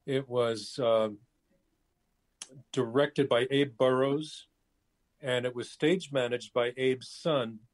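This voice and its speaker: A man in his seventies, a guest talking casually over his cell phone, pausing often with fillers and restarts. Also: mid-range voice, steady tone. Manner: hesitant, many fillers and restarts. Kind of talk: casual interview chat.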